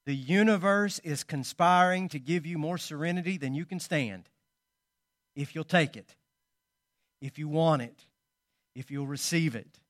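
A male pastor preaches in a fairly high voice, telling stories with loud punches and soft asides. The sound is close and dry, with no room echo. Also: a little slow, pauses often. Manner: storytelling, swinging between loud emphasis and quiet asides. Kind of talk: sermon.

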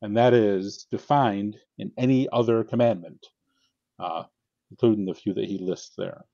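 A man's voice: on the low side, moderate pace, gravelly, warm tone, no room sound, dull audio. Earnest man explaining scripture. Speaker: podcast guest, author. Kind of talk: casual theological discussion.

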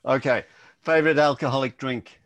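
A man co-hosting a podcast on a video call, speaking hesitantly with halting starts. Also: mid-range voice, fairly even intonation, fairly bright tone, no room sound. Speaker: podcast co-host. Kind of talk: casual podcast chat.

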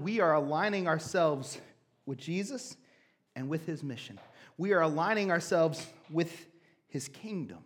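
High-voiced joking young pastor. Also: male voice, moderate pace. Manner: casual, joking, conversational preaching. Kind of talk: sermon.

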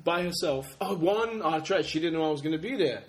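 A man hosts a casual podcast and butts in with crude jokes and quick asides. His voice sits a little high for a man. He talks loose and playful. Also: expressive. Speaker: podcast host. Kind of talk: casual chat.

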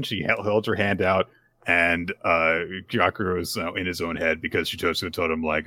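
A man's voice: low-pitched, moderate pace. A man co-hosting a podcast, casually recapping a manga chapter and acting out the characters' lines. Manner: animated retelling with acted-out quotes. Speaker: podcast co-host.

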